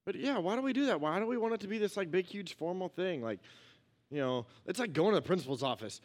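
A young man gives a relaxed, joking sermon to a church crowd. His voice sits a bit higher than most men's. He chats like he's with friends and slips into quick acted-out quotes. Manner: joking, conversational, acts out quotes. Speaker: pastor. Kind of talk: casual sermon.

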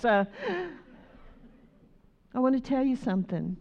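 A woman preaching a sermon, moving from conversational talk to loud, rhythmic exhortation. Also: medium pitch, moderate pace, pauses often, lo-fi sound.

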